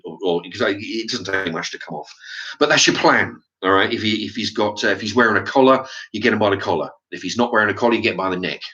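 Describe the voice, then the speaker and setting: A man's voice: fairly low pitch, fast talker, sharp tone, muffled recording. A man telling a story in a casual vlog monologue, swearing freely and often restarting his sentences, checking in with "right?". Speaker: vlogger.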